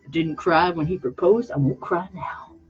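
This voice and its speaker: A woman's voice: deep voice, moderate pace, soft background music. A young woman vlogging casually while she draws, talking in a rambling, candid, self-mocking way with many restarts and a teary edge. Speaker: vlogger and artist. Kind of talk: casual chat while drawing. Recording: muffled lo-fi audio.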